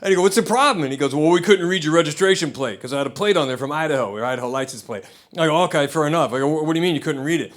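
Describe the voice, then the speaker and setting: A man's voice: on the high side, racing. An American man telling a profane stand-up story, acting out both sides of the dialogue on a comedy club stage. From United States. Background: audience laughter.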